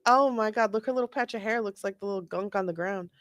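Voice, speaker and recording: A woman's voice: mid-range voice, quick pace, a bit bright, no room sound. Sarcastic woman riffing on a video. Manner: sarcastic, joking asides. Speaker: commentator reacting to body cam video. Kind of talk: casual reaction commentary.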